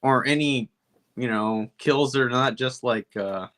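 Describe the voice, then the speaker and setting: Bright-voiced laid-back male co-host. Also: medium pitch, slow pace. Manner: laid-back, ribbing, hesitant with fillers. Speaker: podcast co-host. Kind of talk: casual movie-review banter.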